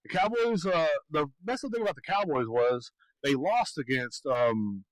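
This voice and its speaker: A man's voice: a little high, expressive, unhurried, no room sound, low-quality recording. A man co-hosting a podcast, telling rambling stories in casual chat and laughing often. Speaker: podcast co-host.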